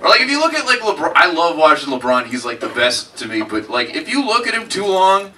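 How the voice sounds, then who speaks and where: A man's voice: on the high side, sing-song, brisk, pushed and bright. A man doing a stand-up comedy set, rambling and self-deprecating, saying "like" and "man" a lot, recorded live in a comedy club. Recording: live club audio, mic heard from a distance, crowd noise.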